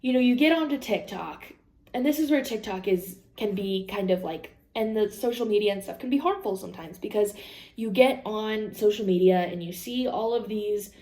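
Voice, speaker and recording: In an echoey room, a young woman talks candidly for her vlog, rambling, laughing often and slipping in quoted asides from herself and others. Her voice is mid-range and darkish, at normal speed.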